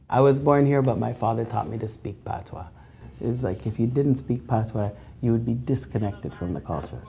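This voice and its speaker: A woman in her forties with a mellow, warm voice talks in a documentary interview. She is a reggae DJ who grew up in Canada. She explains things in a thoughtful, unhurried way. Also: very deep voice, vocal fry, slightly rough. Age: 40s.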